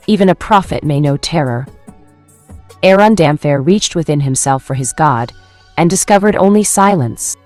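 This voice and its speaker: A woman narrating a fan fiction story in a steady, dramatic manner. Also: low-pitched, normal speed, soft background music.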